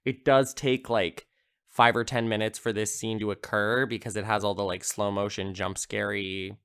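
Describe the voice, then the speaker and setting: A man's voice: lowish voice, level tone, normal speed, fairly bright tone, clear, resonant tone. A man hosting a casual podcast, retelling a horror film in a chatty way, full of "like" fillers and easy swearing. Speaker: podcast host.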